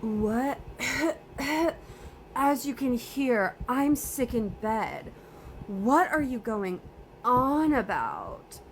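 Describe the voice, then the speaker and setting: A woman voicing a smug, dismissive woman who fakes being sick, speaking slowly and evasively. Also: on the high side, big pitch swings, a little hiss or hum, pitched above the performer's own voice, full character voice. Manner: slow, drawn-out, evasive.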